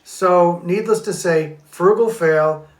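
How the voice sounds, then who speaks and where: Older male co-host, easygoing, light-pitched, echoey home room. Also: slow pace. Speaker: co-host, husband. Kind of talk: casual storytelling vlog.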